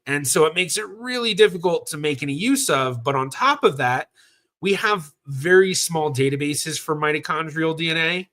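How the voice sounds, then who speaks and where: A man's voice: a little high, animated, moderate pace, fairly bright tone. A man from Southern California hosting a genealogy livestream, talking casually and rambling with fillers and self-corrections as he answers viewer questions.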